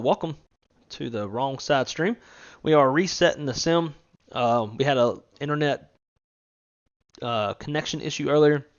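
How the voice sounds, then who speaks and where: A man's voice: mid-range voice, highs cut off. Laid-back man co-hosting a flight-sim stream. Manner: relaxed, laughing, swears casually. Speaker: stream co-host. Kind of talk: casual live-stream chat.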